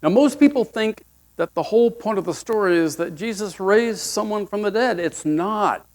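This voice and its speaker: A man's voice: high voice, lively intonation, normal speed. A male pastor giving a sermon with folksy, humorous storytelling.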